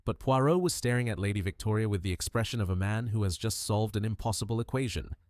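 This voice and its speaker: A man reading a mystery audiobook with measured, dramatic storytelling. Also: on the low side, a little mellow, no room sound, clean studio sound. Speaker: narrator. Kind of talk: scripted audiobook narration of a mystery.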